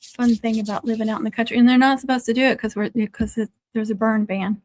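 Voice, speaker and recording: A woman's voice: a little high, steady tone, quick pace, darkish tone. A woman chatting casually on a livestream from her country home, laughing often and cooing to her dogs. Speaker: craft livestream host. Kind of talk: casual livestream chat with viewers.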